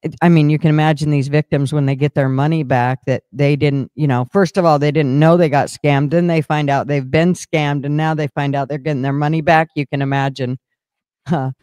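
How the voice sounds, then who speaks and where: A man in casual group chat, rambling through his stories with frequent laughs and swearing. His voice sits a little high for a man. The sound is dry and close. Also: steady tone, a little fast, darkish tone, clean tone, no room sound. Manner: rambling storyteller, swears freely, laughs often. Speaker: host.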